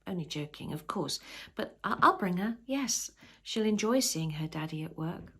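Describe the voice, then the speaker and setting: A woman's voice: fairly low pitch, animated, moderate pace, a bit bright, husky, exaggerated voice. A woman reading the lines of a troubled young mother in a storybook, rueful and wry. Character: troubled young mother, estranged from her family.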